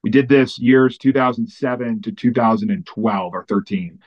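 Man telling stories, dull audio. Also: medium pitch. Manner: animated, fast-running anecdotes with many fillers. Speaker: pastor. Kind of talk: storytelling in an interview.

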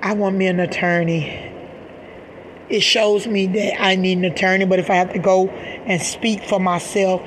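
A woman's voice: mid-range voice, little pitch movement, normal speed, slight background noise. A middle-aged woman, a mother, giving an impassioned personal rant to camera, agitated and emphatic, swearing and repeating herself. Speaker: mother speaking out in a video.

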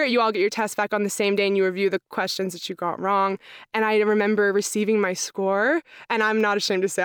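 This young woman studies accounting and chats through her story in a laid-back interview, repeatedly saying "like" and dramatizing her own thoughts. She has a clear, resonant mid-range voice, captured dry with clean studio sound.

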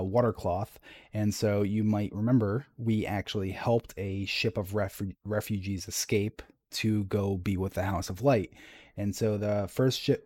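A man's voice: fairly low pitch, dark tone, no room sound. A man talking casually about game lore, rambling with fillers and restarts as he reads entries aloud. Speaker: podcast co-host discussing game lore.

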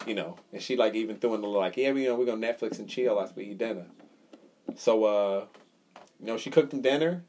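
A man's voice: on the low side, fast, darkish tone, slight background noise. A man co-hosting a casual podcast chat, telling a story with swearing and acting out the quotes. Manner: storytelling, profane, acts out quotes. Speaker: podcast co-host.

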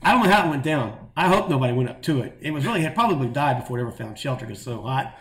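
A middle-aged man telling a long story in a casual, animated way and acting out the voices of the people in it. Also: medium pitch, very fast, roomy sound. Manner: animated, acts out quoted voices. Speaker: guest telling stories.

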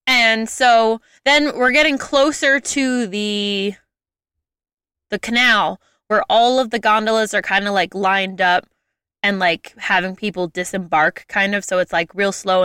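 A young woman telling a travel story in a casual chat, lively and full of "like" fillers. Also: mid-range voice, a little slow, smooth, no room sound, studio quality. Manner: lively, chatty, frequent "like" fillers.

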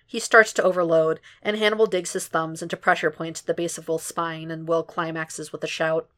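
A woman narrates a fan fiction story aloud at a steady, unhurried pace. Her voice sits a bit low for a woman. The delivery stays even from line to line. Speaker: podfic reader. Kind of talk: audiobook fan fiction reading.

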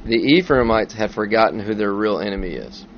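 A man's voice: fairly low pitch, a little fast, dull audio, a little hiss or hum. A man preaching a sermon in a conversational way, with asides and restarts. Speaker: pastor.

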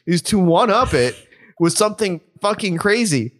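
Rambling man with a lively voice. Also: high-pitched, moderate pace. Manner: rambling, full of fillers and restarts, laughs often. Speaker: podcast co-host. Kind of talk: casual chat.

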